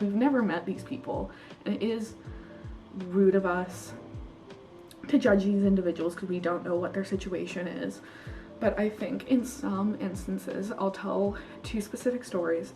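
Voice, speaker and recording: Young female vlogger from Canada, casual, filler-heavy storyteller, mid-pitched voice, recorded slightly off-mic. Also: darkish tone, distant mic, rough recording. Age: young adult. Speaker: international student vlogger. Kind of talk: casual chat.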